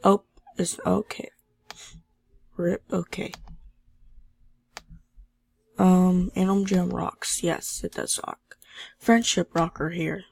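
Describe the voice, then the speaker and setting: A woman's voice: lowish voice, level tone, takes it slowly, vocal fry, long pauses, a little mellow, breathy edge. A teenage girl with a sore throat, talking in a subdued way over gameplay and reading chat messages aloud. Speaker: gaming channel host. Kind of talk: casual gameplay commentary.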